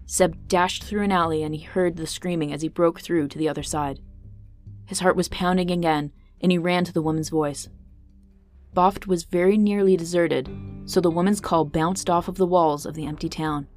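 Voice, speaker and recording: Woman narrating a fantasy story, low voice. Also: steady tone, normal speed, darkish tone, soft background music.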